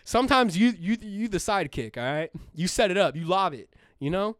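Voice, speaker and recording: Brief: young man, podcast co-host, slightly high and smooth, very dry close mic, animated and profane, laughs a lot. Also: a little fast, dry recording. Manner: animated, profane, laughs often, acts out quoted people. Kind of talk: casual chat.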